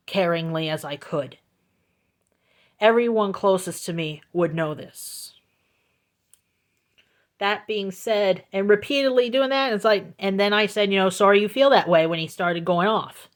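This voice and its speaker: A woman telling a storytime vlog into her phone, slow, deliberate and emphatic, repeating her points for weight. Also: lowish voice. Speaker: vlogger.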